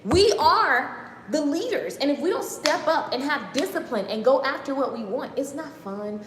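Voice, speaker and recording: This energetic motivational talk comes from a high-pitched woman ranting fast and excitedly on a live stream, slangy and emphatic, repeating phrases again and again. Her phone captures her in her home kitchen, whose hard room makes her voice ring with long echoes over a noisy background.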